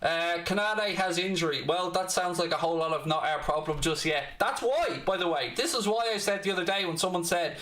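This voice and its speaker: A man's voice: high voice, fairly quick, hardly any pauses, fairly bright tone. A Dublin Irish man hosting a football watchalong, blunt and cheeky and swearing freely as he reads viewer messages. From Ireland, Dublin. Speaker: fan channel host. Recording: roomy echo.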